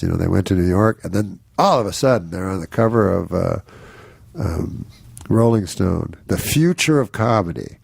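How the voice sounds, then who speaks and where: Gravelly low-voiced man telling a story. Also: dry recording. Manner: deadpan, laughs at his own stories, acts out other people's lines. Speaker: comedian guest. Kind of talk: rambling anecdotal storytelling.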